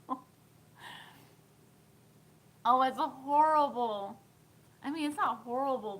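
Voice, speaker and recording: A woman's voice: sits high, moderate pace, pauses often, a bit bright, low-quality recording. A woman in her thirties chatting casually on a live stream, giggling often and answering viewer comments. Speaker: thrift vlogger.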